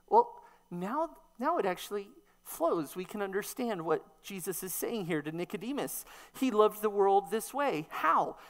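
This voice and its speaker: Woman preacher, lower voice, emphatic teaching sermon full of rhetorical questions.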